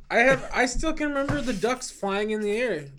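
A man's voice: very high-pitched, animated, normal speed, noisy background. A young man in casual podcast chat, tossing in jokes and giggly interjections. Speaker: podcast co-host.

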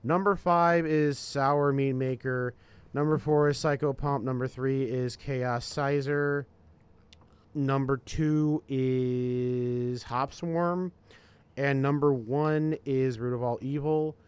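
Smooth-voiced man musing casually. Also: medium pitch, steady tone, slow pace. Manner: rambling, profane, deliberating. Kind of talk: casual chat.

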